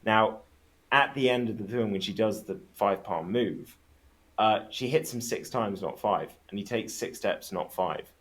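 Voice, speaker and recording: Man, very low voice, podcast guest, casual chat, enthusiastic, salty language. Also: unhurried, a bit bright. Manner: enthusiastic storyteller, swears freely.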